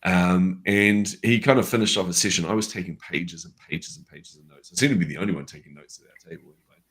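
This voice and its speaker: A man with a low, deep voice tells a personal story in a relaxed conversation. He is an animated storyteller and acts out the dialogue he remembers. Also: fast. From New Zealand. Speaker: guest.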